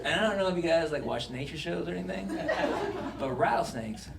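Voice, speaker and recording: Male stand-up comic, animated and profane, high bouncy voice, taped from afar in a roomy club. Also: fairly quick, gravelly, over a noisy crowd, heavy background noise. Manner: swearing, animated, acts out voices. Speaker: stand-up comedian. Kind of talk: stand-up comedy set. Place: comedy club stage with audience laughter. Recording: echoey club recording from a distance.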